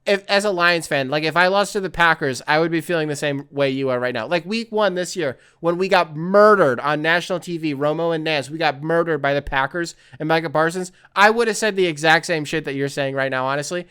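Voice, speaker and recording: A man hosts a casual sports podcast, reading a listener's email aloud and stopping often to laugh and riff. His voice is smooth and a little high for a man. The sound is close and dry, with no room behind it. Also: brisk, few pauses, bright, forceful tone, dry recording. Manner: laughs often, riffs and swears while reading. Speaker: podcast host.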